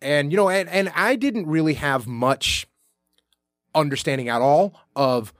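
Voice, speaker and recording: Male guest, calm measured explainer, dry studio sound. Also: on the high side, no room sound. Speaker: podcast guest. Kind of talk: casual interview chat.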